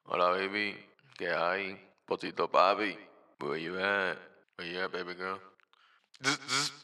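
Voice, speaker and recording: A man tosses out loose, profane podcast banter, mixing Spanish into his English. He speaks at an unhurried pace. His voice is very bright and clear. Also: deep voice, big-room sound. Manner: playful, swears and mixes Spanish with English. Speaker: podcast host. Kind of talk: casual joking chat.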